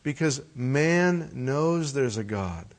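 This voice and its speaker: A middle-aged man preaching a sermon, reading scripture, praying softly, then telling lively stories about his children. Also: mid-range voice, slow pace. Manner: swings from loud animated storytelling to hushed prayer. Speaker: pastor.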